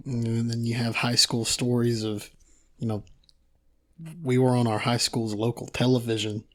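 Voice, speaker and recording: A man's voice: mid-range voice, little pitch movement, moderate pace. A young man with a light Eastern Kentucky accent, co-hosting a podcast with dry, wry remarks. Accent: Eastern Kentucky, light drawl. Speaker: podcast co-host. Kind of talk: casual chat.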